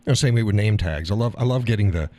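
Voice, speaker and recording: A man's voice: on the low side, fast, a little mellow. A middle-aged man hosting a live stream, talking bluntly with profanity and frequent laughter. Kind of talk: casual monologue. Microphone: audio call or stream mic.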